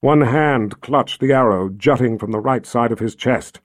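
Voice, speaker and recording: A man reading a fantasy novel aloud in a steady, measured narration. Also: mid-range voice, no room sound, studio quality. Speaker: audiobook narrator.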